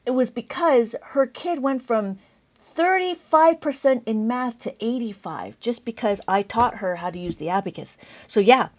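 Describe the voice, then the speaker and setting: A woman teaching an abacus lesson on a live stream, reading out viewer comments, speaking loudly and with enthusiasm. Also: a little high, expressive, moderate pace. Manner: loud, enthusiastic, passionate.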